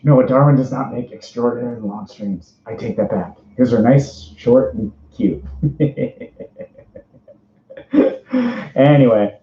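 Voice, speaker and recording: A man in his twenties with a Minnesota accent, hosting a casual livestream interview. He talks from inside a costume suit, rambling, bubbly and quick to laugh. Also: mid-range voice, slight background noise. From Minnesota, USA. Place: indoors, speaking from inside a fursuit. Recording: roomy, dull lo-fi stream audio.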